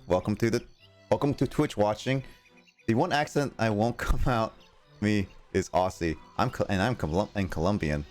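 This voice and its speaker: A man's voice: fairly low pitch, smooth. A young man chatting casually while streaming a game, rambling, reading viewer messages aloud and laughing often. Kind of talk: casual live-stream chat while gaming.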